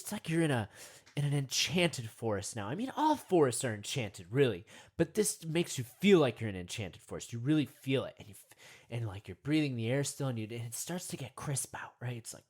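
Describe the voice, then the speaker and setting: A young man rambling through a comic meditation monologue, often talking to himself and leaping into high, excited voices.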